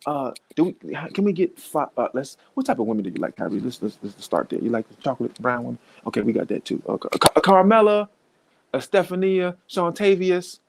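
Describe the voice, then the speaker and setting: A man's voice: on the high side, very animated, fairly quick, vocal fry, a little mellow, a little hiss or hum. A man acting out a desperate male team executive begging a star player to return. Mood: wheedling. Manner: begging, wheedling.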